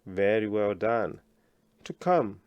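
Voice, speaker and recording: A man teaching a language lesson, slowly enunciating words for learners to repeat and praising them often. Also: fairly low pitch, expressive, a little mellow, clean tone, no room sound, lo-fi sound.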